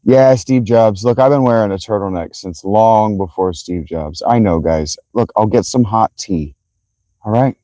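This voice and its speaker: Hoarse, laughing man streaming outdoors. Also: on the low side, moderate pace, dry recording. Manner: laughs often, swears, excitable. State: strained, worn voice. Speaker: livestreamer. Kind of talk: casual livestream chat. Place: outdoors by a fountain.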